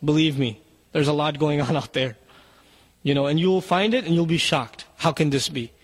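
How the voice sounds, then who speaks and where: A man's voice: on the high side, moderate pace, husky, big-room sound. A man giving an urgent sermon to parents, exhorting them directly. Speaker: Muslim speaker.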